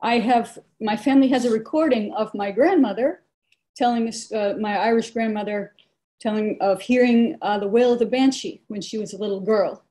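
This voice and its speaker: A woman with a mellow, slightly raised voice tells a heartfelt family story. She speaks softly and hesitantly, pausing on little ums. It sounds like she's talking on a video call. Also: a little high. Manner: soft-spoken, hesitant with ums. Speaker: call participant.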